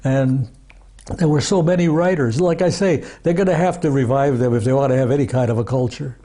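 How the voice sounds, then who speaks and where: A man's voice: medium pitch, brisk, dark tone. A man being interviewed as an archivist, talking in a rambling, casual way, full of restarts and asides like "you see" and "you know.".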